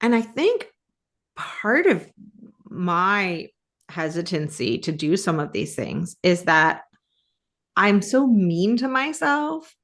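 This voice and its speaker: Animated woman podcast co-host. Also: takes it slowly. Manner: animated, restarts often, jumps up in pitch. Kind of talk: casual conversational chat.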